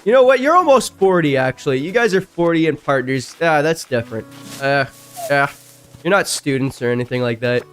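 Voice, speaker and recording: A streamer with a slightly high-pitched voice reads online stories aloud, breaking off for casual, chatty reactions that jump suddenly louder and higher. He speaks briskly with lively intonation, faint game music behind him.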